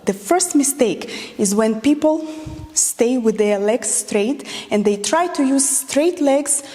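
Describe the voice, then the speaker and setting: High-voiced dance teacher counting beats. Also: female voice, expressive, slow pace, dark tone. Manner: counts beats aloud while demonstrating moves. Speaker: dance instructor. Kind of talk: instructional dance lesson with counting. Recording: long hall reverb.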